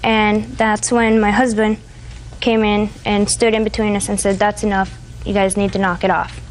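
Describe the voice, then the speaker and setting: A woman's voice: medium pitch, little pitch movement, normal speed, soft background music, poor audio. Hesitant young woman retelling events. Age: 20s. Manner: rambling, hesitant retelling with fillers. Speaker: defendant. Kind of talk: courtroom testimony. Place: TV courtroom.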